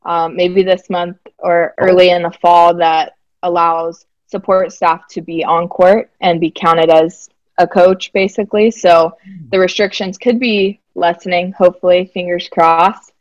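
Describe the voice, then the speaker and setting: An easygoing young woman from Alabama talks casually, with a faint Southern twang worn down by years away. Her voice sits a little low for a woman, and the recording is close and dry with almost no room sound. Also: fairly even intonation, unhurried, no echo, lo-fi sound. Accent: faint Southern US, softened toward West Coast. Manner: easygoing, chatty, laughs lightly. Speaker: guest, basketball player development director. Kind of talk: casual interview chat.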